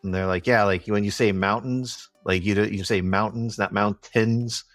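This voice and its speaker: A young man co-hosting a podcast, telling stories in a relaxed, chatty way. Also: lowish voice, a little fast, dry recording, soft background music. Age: young adult. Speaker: podcast co-host. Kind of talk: casual chat.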